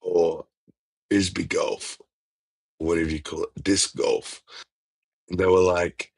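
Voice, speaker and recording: A man in casual conversation, relaxed and profane, often laughing. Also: low-pitched, takes it slowly, no echo. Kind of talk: casual chat.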